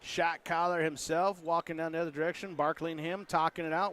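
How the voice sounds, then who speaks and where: High-voiced man calling a basketball game. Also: steady tone, a little fast, fairly bright tone, smooth. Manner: joking, voices the players' imagined words. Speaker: play-by-play announcer. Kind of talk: casual sports commentary.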